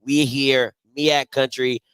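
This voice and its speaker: A man's voice: medium pitch, little pitch movement, slow, fairly bright tone, clear, resonant tone, no room sound. A man hosting a casual live postgame sports show from home, talking in a playful, trash-talking way and repeating himself for emphasis. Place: home, green screen behind him.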